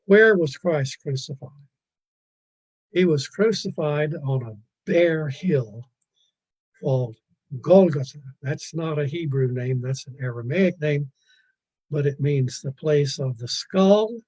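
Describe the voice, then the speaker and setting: A man gives a virtual museum lecture on paintings, his voice slightly high-pitched with a husky edge. He drifts into side stories, stumbles over restarts and pokes fun at his own disorganization. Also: slow pace, darkish tone, rough recording. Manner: digressive, self-deprecating, stumbling restarts. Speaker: art lecturer. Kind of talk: virtual museum art talk.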